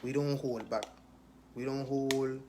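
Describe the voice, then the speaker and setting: A man's voice: medium pitch, fairly even intonation, slow pace, background noise. A young man with a Virgin Islands accent, a rapper casually reading out and answering questions in a streetwise, laid-back way.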